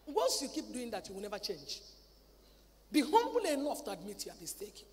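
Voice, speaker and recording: A woman preaching a sermon at a convention. She talks in a lively way, acts out family dialogue and repeats words. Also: on the high side, normal speed. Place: large convention hall. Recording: reverberant hall, faint ambient noise.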